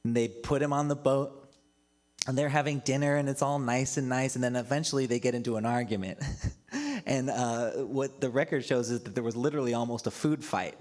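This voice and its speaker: A man's voice: medium pitch, fairly even intonation, fairly quick, a little mellow. A man preaching a casual, storytelling sermon as a pastor, often breaking into laughter between remarks. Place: church livestream.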